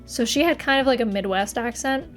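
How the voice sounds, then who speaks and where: A young woman with a northern US accent chats on a livestream, her fairly high voice bright with giggles as she banters with viewers. She talks into a desk mic with faint music underneath. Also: fairly quick. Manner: chatty, giggly, answers viewer chat playfully. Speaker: streamer. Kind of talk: casual livestream chat. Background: faint background music.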